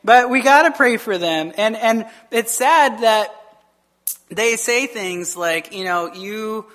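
A male pastor preaches with an animated, conversational delivery. He wanders into quick asides and slips into the voices of people he quotes. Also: high voice. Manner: frequent fillers and quick asides. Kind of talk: sermon.

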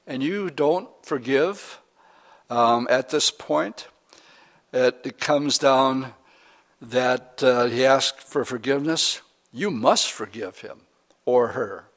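A man's voice: mid-range voice, takes it slowly, a bit bright. A male pastor preaching, reading scripture aloud and explaining it with folksy asides and dry humor.

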